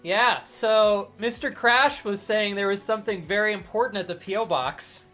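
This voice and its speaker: A man's voice: high-pitched, moderate pace, bright, forceful tone, faint music behind. A man with an American accent chatting to his live-stream audience, laughing often and swearing freely.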